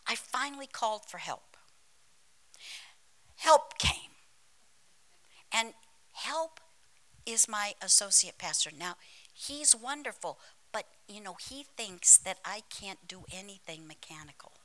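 A woman preaching a sermon in a church, her voice bright and forceful. She takes her time, leaning on each phrase and slipping into hushed whispers for emphasis. She tells stories with humor and calls out to the congregation. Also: medium pitch, big pitch swings, slow, long pauses, rough recording. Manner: emphatic, drops into dramatic whispers. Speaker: pastor.

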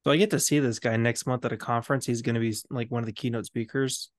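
A man guesting on a casual movie podcast, asking quick curious questions. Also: medium pitch, fairly even intonation, no room sound, studio quality. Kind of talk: casual movie commentary chat.

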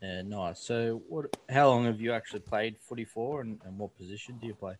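A man's voice: on the low side, a little fast, a little hiss or hum. A man co-hosting a casual podcast, easygoing and matey as he welcomes a guest. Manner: laid-back, matey banter. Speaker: podcast co-host.

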